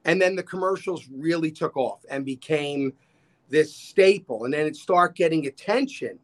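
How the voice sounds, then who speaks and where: His voice sits on the high side and moves at a moderate pace. In his 60s, the man is a podcast guest swapping casual stories, bringing quoted dialogue to life by acting out each speaker.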